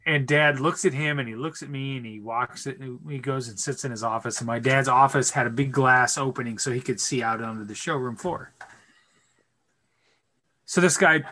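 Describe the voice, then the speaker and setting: A man's voice: medium pitch, moderate pace. A man co-hosting a podcast, telling a story in casual chat and swearing freely as he acts out the scene. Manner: profane, animated storyteller. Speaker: podcast co-host.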